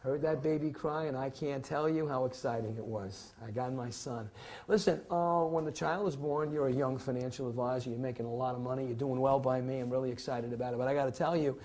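A man lecturing a finance licensing class with a husky, slightly breathy voice. He teaches theatrically, acting out clients and brokers and checking that the students are following him. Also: mid-range voice, steady tone, brisk, a little mellow. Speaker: securities licensing instructor. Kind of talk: classroom lecture with acted scenarios.

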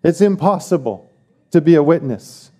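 A man's voice: on the high side, lively intonation, normal speed, mellow. A man preaching a sermon as pastor, emphatic, repeating key phrases and asking the congregation questions.

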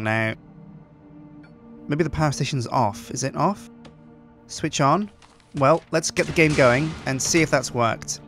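A man's voice: on the high side, a little slow, pauses often, a bit bright, faint music behind. A man hosting game commentary, chatty and upbeat, thinking aloud as he plays. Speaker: host.

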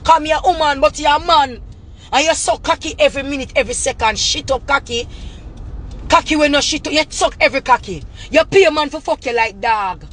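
Ranting Jamaican woman, high voice. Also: brisk. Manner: heated, profane, repetitive, breaks into shouting. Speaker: vlogger. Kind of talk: angry rant to camera.

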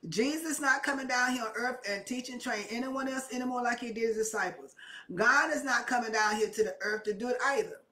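A woman's voice: a little high, a little fast, bright, forceful tone. A woman preaching a sermon with impassioned, repetitive emphasis that rises and presses her points. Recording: echoey room, mic at a distance.

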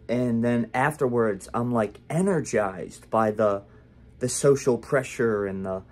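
A man's voice: mid-range voice, a little mellow. Young guy rambling to camera, casual vlog, lots of ums and restarts, plain mid voice. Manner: rambling and candid, with many fillers and restarts. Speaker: vlogger.

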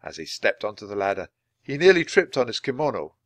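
Brief: clear male audiobook reader, animated delivery, dry close recording. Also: on the low side, brisk, dry recording. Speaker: storybook reader. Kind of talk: audiobook narration for language learners.

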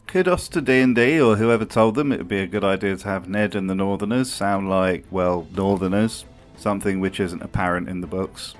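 Dry, sardonic man, low voice. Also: steady tone, fairly quick, few pauses, soft background music. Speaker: video host. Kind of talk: comedic scripted commentary.

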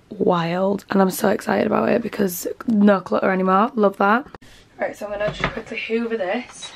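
A young woman with a Yorkshire accent chatting excitedly to camera at home as she sorts her things. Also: mid-range voice, moderate pace, gravelly, a little hiss or hum. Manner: chatty and excitable, talks to camera while sorting. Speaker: vlogger. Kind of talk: casual vlog chat. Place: bedroom at home.

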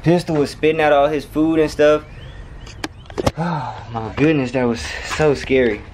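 A man vlogging casually from his home kitchen, chatty and animated as he talks straight to viewers. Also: a little high, measured pace, background noise.

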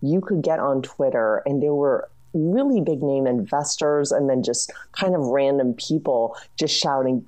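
A woman journalist and author answering interview questions in a brisk, explanatory way. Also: extremely low pitch, a little mellow. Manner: brisk, explanatory, frequent "you know" and "I mean".

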